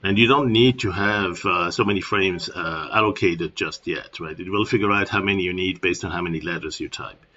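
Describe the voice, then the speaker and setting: Low husky man with a German accent. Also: a little fast, hardly any pauses, pushed and bright. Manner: rambling, explanatory, frequent filler words. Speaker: software tutorial presenter. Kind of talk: casual screen-recording tutorial. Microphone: computer microphone. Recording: dull lo-fi screen recording.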